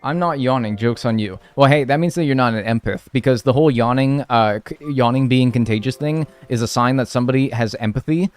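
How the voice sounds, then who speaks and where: A man at medium pitch talks briskly with few pauses, no echo in the recording. He's casually chatting over a video game stream, reading viewer chat and answering it in a loose, slangy manner peppered with "dude" and "like."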